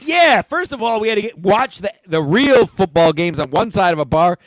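A man from Philadelphia hosting a crude comedy podcast, loud and profane, often shouting as he rants. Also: high-pitched, very animated, moderate pace, dry recording. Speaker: podcast host.

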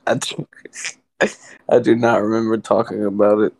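A laid-back young co-host who rambles through a casual chat with plenty of swearing. His voice is gravelly with a lot of fry, and it sounds dry and close to the mic. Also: lowish voice, little pitch movement, normal speed, darkish tone, dry recording. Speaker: podcast co-host.

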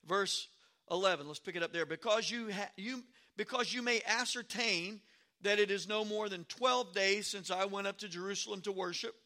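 A male pastor preaching an expository sermon, reading scripture aloud and adding animated, sarcastic asides. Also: high-pitched, normal speed.

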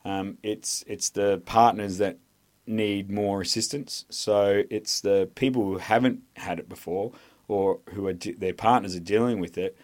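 A man's voice: on the low side, steady tone, unhurried, a little mellow. A man with an Australian accent, a former soldier talking as a podcast guest, telling stories bluntly and swearing freely. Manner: blunt, profane storytelling. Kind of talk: casual conversation.

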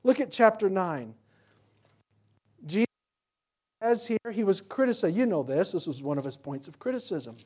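A man pastor preaching a sermon emphatically, asking rhetorical questions and swinging between loud and quiet delivery. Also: high voice, expressive, moderate pace, long pauses, slightly rough.

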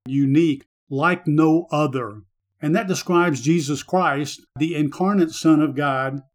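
A man hosting a short devotional Bible teaching, speaking in an earnest, measured preaching manner. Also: a little high. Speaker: radio Bible teacher and host.

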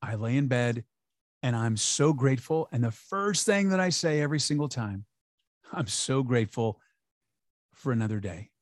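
A man's voice: mid-range voice, animated, moderate pace, dry recording. Upbeat guy chatting as a guest, emphatic, dry close mic. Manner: upbeat, emphatic, acts out quoted voices. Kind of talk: conversational interview.

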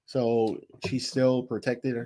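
A man's voice: mid-range voice, flat delivery, slow pace, warm tone. A man in casual chat, summarizing a TV plot in a laid-back way with many fillers. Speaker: podcast co-host. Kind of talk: casual show recap chat.

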